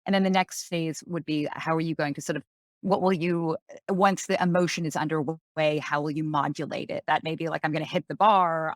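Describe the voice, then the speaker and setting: A woman's voice: lowish voice, no echo, clean studio sound. A woman psychiatrist guest explaining ideas in a thoughtful, conversational way, with frequent fillers. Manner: thoughtful, with many fillers such as "sort of" and "like".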